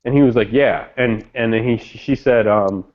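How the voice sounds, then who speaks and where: A man chatting casually, rambling through stories in a laid-back, slangy way. His voice sits at a middle pitch. The audio is dull and lo-fi. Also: normal speed. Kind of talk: casual chat.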